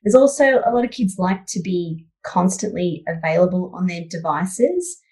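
A woman's voice: lowish voice, expressive, normal speed, dark tone, low-quality recording. A woman psychologist answering interview questions in a thoughtful, conversational way, with many "you know" fillers. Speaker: psychologist guest.

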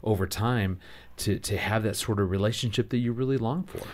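A man speaking as a relationship expert on a radio segment, explaining calmly and reassuringly. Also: on the low side, brisk.

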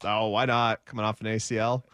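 A man's voice: on the low side, flat delivery, brisk, fairly bright tone, clear, resonant tone, no echo, studio quality. A man co-hosting a sports radio show, sardonic and joking in casual banter. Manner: sardonic, reads names in mocking put-on voices.

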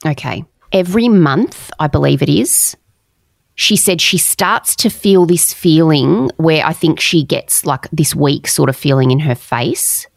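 A woman co-hosting a podcast in casual chat, blunt and quick with frank asides. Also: deep voice, vocal fry, dry recording. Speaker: podcast co-host.

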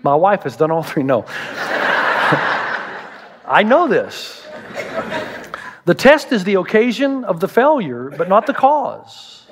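Middle-aged male pastor, high voice, animated sermon delivery with playful asides. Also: slow, pauses often, slight background noise. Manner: animated and humorous, acting out quoted voices.

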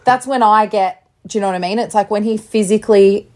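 A woman's voice: medium pitch, fast, darkish tone. A woman co-hosting a casual parenting podcast, talking candidly and laughing often. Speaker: podcast co-host.

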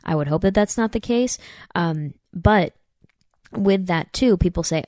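A woman with a notably low voice hosts a commentary podcast. She talks emphatically and keeps turning to her listeners with "you guys". The sound is dry and close, with no room echo. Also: a little slow, darkish tone. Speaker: podcast host. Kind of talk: political commentary.

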